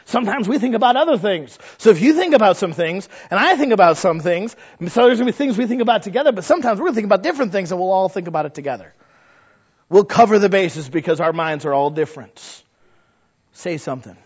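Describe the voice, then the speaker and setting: A man's voice: sits high, lively intonation, fast, breathy edge, muffled recording. A male pastor preaching a sermon in a folksy, conversational way, full of rhetorical questions.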